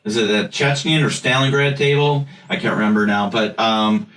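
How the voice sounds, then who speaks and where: Bright-voiced, blunt American man in echoey room. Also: lowish voice, normal speed, distant mic. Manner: blunt, jokey, swears casually. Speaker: podcast host. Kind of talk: casual chat.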